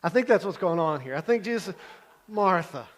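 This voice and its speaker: Man preaching, fairly high voice, conversational, keeps asking okay, animated loud and soft swings. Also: fast talker. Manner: conversational, checks in with frequent "okay?"; animated, shifts between loud bursts and quiet asides. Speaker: Bible teacher. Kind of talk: casual sermon teaching.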